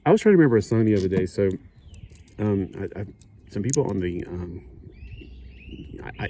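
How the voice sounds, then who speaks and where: A man's voice: fairly low pitch, dark tone, a little hiss or hum. A middle-aged man chatting casually while he builds a kit, rambling and correcting himself. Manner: rambling, self-correcting, chuckling asides. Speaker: hobby builder. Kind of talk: casual build-along chat.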